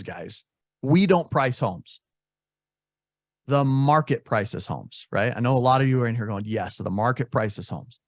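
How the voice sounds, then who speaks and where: A man's voice: medium pitch, no echo, studio quality. A man coaching real estate agents on a video call, speaking candidly and acting out sample sales calls.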